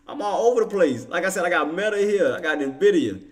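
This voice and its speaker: This trading livestream host has a high, animated voice and talks a little fast. His casual commentary to chat is full of laughter, teasing, and slangy back-and-forth.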